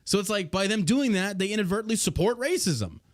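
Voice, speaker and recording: A man's voice: high voice, expressive, fairly quick, dry recording, clean studio sound. A man hosting a podcast, reading news aloud and ranting about it with heavy swearing and outrage. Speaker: podcast host. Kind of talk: casual podcast commentary.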